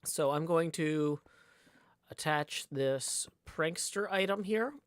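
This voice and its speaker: A man's voice: on the high side, takes it slowly, smooth, no room sound, clean studio sound. A man casually chatting and calling his moves while streaming a card game, joking as he goes. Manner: playful, chatty, joking asides. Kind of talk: casual live-stream chat and play-by-play.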